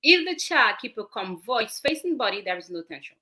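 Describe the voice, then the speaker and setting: A woman's voice: on the high side, big pitch swings, a little fast, sharp tone. A woman with a French accent, a parenting coach explaining her method step by step as a guest on a talk show. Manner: explains step by step, repeating phrases.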